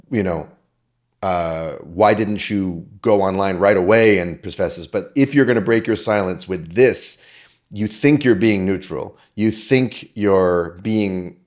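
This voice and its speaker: A man's voice: fairly low pitch, darkish tone. A man co-hosting a podcast, talking in long, discursive arguments with a dry, sarcastic edge. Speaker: podcast co-host.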